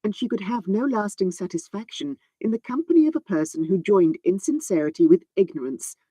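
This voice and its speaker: A woman audiobook narrator giving a measured, unhurried reading of a classic novel, phrasing long sentences precisely. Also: fairly low pitch, mellow, husky, no echo.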